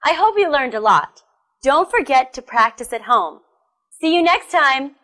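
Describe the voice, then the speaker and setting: A young woman teaching English pronunciation, speaking slowly and carefully as in a classroom. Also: high voice, very animated. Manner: slow, careful classroom enunciation. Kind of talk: recorded pronunciation lesson. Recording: soft music behind.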